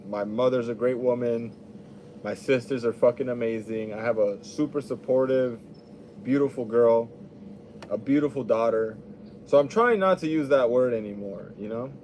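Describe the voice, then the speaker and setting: In a laid-back, rambling monologue, a young man swears freely, talking at a moderate pace in an ordinary mid-pitched voice that's a little mellow. Faint background hiss runs beneath him.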